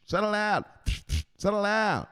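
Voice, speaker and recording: A bossy enforcer , put on by a man, barks orders in a raised, strained voice that sits far above his normal pitch. He is domineering and scolding. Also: animated, unhurried, bright, forceful tone, smooth, full character voice. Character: bossy male crypto enforcer scolding sellers.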